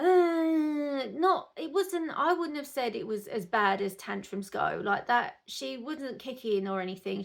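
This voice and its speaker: A woman's voice: a little high, vocal fry. A woman, a mother, chatting to camera in a rambling, casual way that turns indignant. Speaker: mother vlogger.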